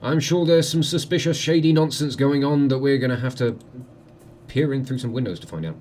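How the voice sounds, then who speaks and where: A man's voice: medium pitch, a little fast, a little mellow, slight background noise. A man, commenting on a game he plays with wry, joking asides. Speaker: let's play host.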